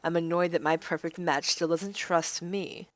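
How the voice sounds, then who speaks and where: A woman's voice: fairly low pitch, steady tone, moderate pace, no echo, pitched below the performer's own voice, close to an everyday voice. A woman voicing an arrogant, manipulative young male noble with cold, domineering threats, reading a visual novel aloud.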